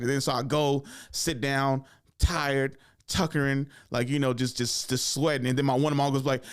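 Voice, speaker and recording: A young man hosting a comedy podcast, spinning a story from his childhood. His voice sits at a middle pitch, and he keeps jumping into high, loud impressions of his relatives as he acts out each scene. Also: steady tone, fast talker. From Oakland area, California.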